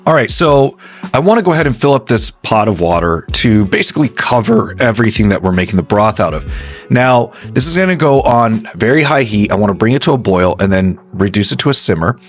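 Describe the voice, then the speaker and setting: A man's voice: lowish voice, animated, fairly quick, soft background music. Chatty man walking viewers through a recipe. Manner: chatty and reassuring, talks the viewer through each step. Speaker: home cooking video host. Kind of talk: casual cooking tutorial narration.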